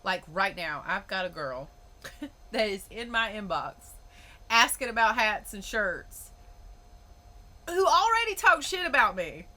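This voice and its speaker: A woman's voice: medium pitch, big pitch swings, measured pace, pauses often, pushed and bright. A woman hosting a podcast, ranting in a blunt, emphatic way and swearing freely. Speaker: podcast host. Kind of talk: opinionated podcast monologue.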